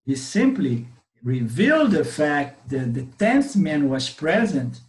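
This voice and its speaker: A man with a slightly raised voice tells a teaching story in a webinar class, animated and a little loose in his grammar. The room gives his voice a noticeable echo. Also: a little high, takes it slowly. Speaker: spiritual teacher. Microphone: webinar computer mic. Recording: roomy echo.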